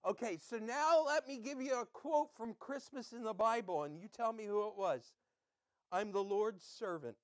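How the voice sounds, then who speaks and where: A man's voice: very high voice, normal speed, hardly any pauses, no room sound, clean studio sound. A man pastor giving a conversational sermon, quizzing his listeners and chatting with them between readings.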